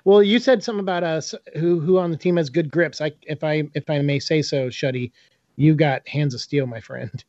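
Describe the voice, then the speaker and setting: A man's voice: a little high, fairly quick, darkish tone, no echo. A man joking playfully in casual podcast chat, on a dull, lo-fi mic.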